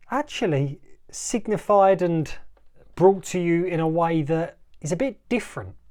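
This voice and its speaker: A man's voice: sits high, darkish tone. Emphatic man hosting a motivational podcast. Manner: emphatic, repetitive, slows for dramatic effect. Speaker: life coach, podcast host.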